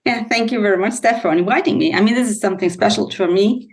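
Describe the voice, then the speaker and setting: A woman from Germany with a German accent, a podcast guest speaking English thoughtfully with pauses and fillers over a video call. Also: mid-range voice. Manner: thoughtful, hesitant, many fillers. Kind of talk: casual interview chat.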